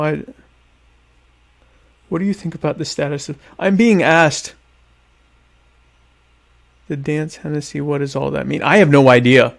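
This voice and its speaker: A young adult man hosting a podcast, answering listener questions in a deadpan, ironic, rambling way while eating dinner. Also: a little high, gravelly. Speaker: podcast host. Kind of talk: casual solo chat answering listener questions.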